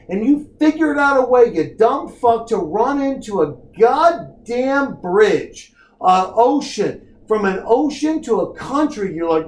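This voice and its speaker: A man riffing on a movie with a loud, profane, ranting mock pep talk. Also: extremely high pitch, reverberant. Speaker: movie commentary co-host.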